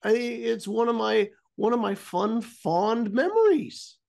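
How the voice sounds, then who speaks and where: A man's voice: very high-pitched, expressive, slow, gravelly, a little mellow. A middle-aged man co-hosting a talk podcast, telling a story casually and rambling, trailing off often. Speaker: podcast co-host.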